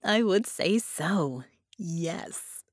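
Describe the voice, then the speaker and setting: A woman voicing a male alien shapeshifter who talks with smug, slow amusement. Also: on the low side, lively intonation, no echo, studio quality, heavily acted. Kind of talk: audiobook character voice.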